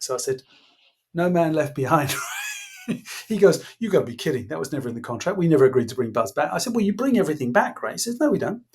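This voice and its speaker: A man, a podcast guest, telling an animated story and acting out the dialogue, laughing as he goes. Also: mid-range voice, breathy edge. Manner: acts out quoted dialogue, laughs while telling. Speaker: guest, former innovation executive.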